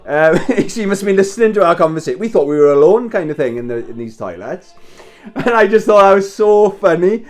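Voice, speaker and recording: A man's voice: high voice, expressive, a little fast. A Welsh man in his thirties telling a rambling story in casual chat, swearing and laughing as he wraps presents at home. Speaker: vlogger.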